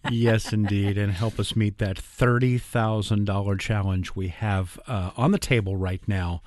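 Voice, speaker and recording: A man's voice: fairly low pitch, fairly even intonation, unhurried, darkish tone, dry recording, studio quality. A man co-hosting a public radio fundraising appeal, a bit hesitant with fillers. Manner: slightly hesitant, reads appeal details. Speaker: radio co-host. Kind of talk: pledge drive on-air appeal.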